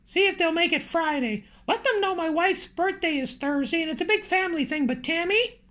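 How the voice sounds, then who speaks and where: A nervous, eager young man talks quickly, a little stammering, as a woman narrator reads him. The voice stays high and close to the reader's own. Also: expressive, a bit bright.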